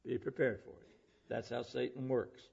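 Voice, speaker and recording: A man with a gravelly, husky voice preaches a sermon in earnest and keeps turning to the listeners with questions. The sound is dull and lo-fi, and his words ring on with a long reverb as if in a large hall. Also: mid-range voice, little pitch movement, moderate pace, a little mellow. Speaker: preacher and public school teacher.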